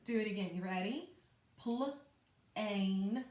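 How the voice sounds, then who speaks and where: A woman teacher giving a patient, encouraging phonics lesson to young children, speaking clearly and slowly. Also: a little high, animated, a bit bright. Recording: echoey room.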